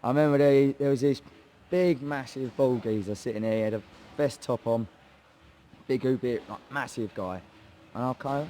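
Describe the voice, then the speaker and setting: A young English man with a Hertfordshire accent spins a loose, laddish story about his start in cage fighting. His pitch sits in the middle, his talk is full of swearing and mimicked voices, and a faint hiss runs under the recording. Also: a little fast, dark tone. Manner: chatty, swearing, laddish banter, acts out quoted voices. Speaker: guest, MMA fighter. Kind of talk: casual storytelling interview.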